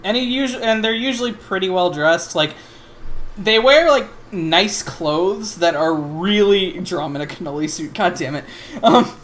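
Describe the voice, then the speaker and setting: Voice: medium pitch, a bit bright, slight background noise. Mestre de jogo animado e expressivo. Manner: loose, profane, laughing asides. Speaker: game master. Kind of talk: narrating a tabletop game podcast.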